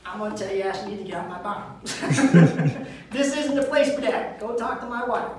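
A man's voice: sits high, expressive, normal speed. A man from the telling profane stories in a stand-up comedy set at a live venue. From Lynn, Massachusetts. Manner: brash, profane storytelling. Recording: echoey venue from far off.

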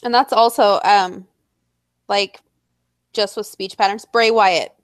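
A woman in casual chat, animated and blunt, swearing freely. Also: medium pitch, takes it slowly, clear, resonant tone, dry recording, studio quality.

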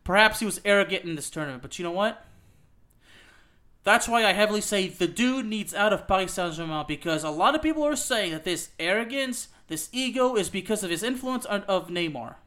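Animated and fairly quick, a soccer podcast host goes on an emphatic opinion rant in a high voice with a sharp edge. He peppers it with "okay?" and "you know what?" and lets a few swear words slip.

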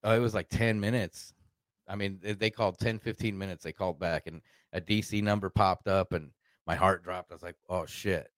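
A man from Arkansas tells a loose, swearing story in a casual podcast chat. His voice sits low, and the recording is dry and close. He slips into quoted voices as he goes. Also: a little fast, dry recording. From Arkansas, United States. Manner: rambling, profane, animated retelling with quoted voices.

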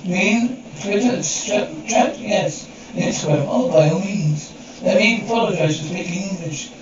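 A muffled, distant TV drama scene. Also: male voice, high voice, lively intonation, unhurried, very echoey. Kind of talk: TV drama audio. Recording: muffled, distant TV audio with crowd noise.

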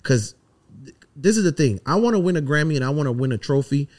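A man's voice: a little high, animated, fast, darkish tone. Emphatic heartfelt man talking candidly. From US Virgin Islands. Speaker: songwriter guest. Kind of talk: casual podcast interview.

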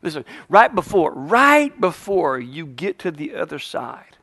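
High-pitched, fiery preaching pastor, man. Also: big pitch swings, unhurried, pushed and bright, dry recording. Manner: fiery, call-and-response preaching with joking asides. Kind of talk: sermon. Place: church.

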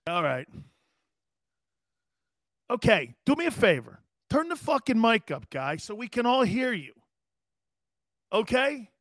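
A man hosting a live sports talk show, animated and joking, laughing often and swearing casually as he reads the chat. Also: extremely high pitch, measured pace, pauses often, no echo, clean studio sound. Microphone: studio mic he adjusts himself.

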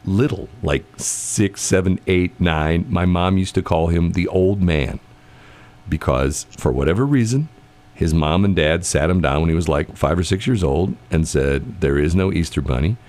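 A man's voice: deep voice, a little slow, darkish tone. A man hosting a radio morning show, rambling through teasing jokes and stories in casual banter. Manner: rambling storyteller, teasing and jokey.

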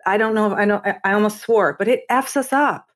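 A woman talking as a podcast guest, candid and animated, laughing easily and restarting her sentences. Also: medium pitch, quick pace. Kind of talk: candid conversational interview.

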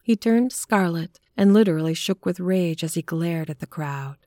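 A woman narrating a horror story in a measured, even storytelling manner. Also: lowish voice, no echo, clean studio sound.

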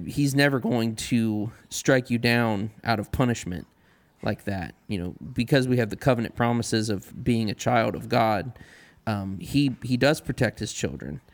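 A man in casual religious discussion, speaking earnestly and pausing often with fillers. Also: mid-range voice. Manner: earnest, halting with many ums.

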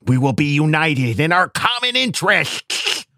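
A man putting on a nerdy voice to recite a grand, rousing speech slowly, with sudden loud swells. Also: a little high, sing-song, no echo, clean studio sound, full character voice. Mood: pompous. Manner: slow, halting delivery with sudden loud swells.

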